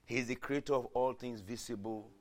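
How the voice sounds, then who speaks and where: A man preaching a sermon in a dramatic way, swinging from hushed lines to shouted ones. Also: medium pitch, steady tone, brisk.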